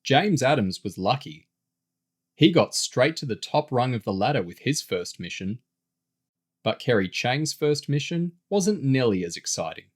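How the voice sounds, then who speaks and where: A man narrates a novel at a slow, unhurried pace, and his voice moves expressively through a wide range. His pitch sits at a middle level for a man. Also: very animated. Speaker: story reader. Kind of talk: reading a novel aloud.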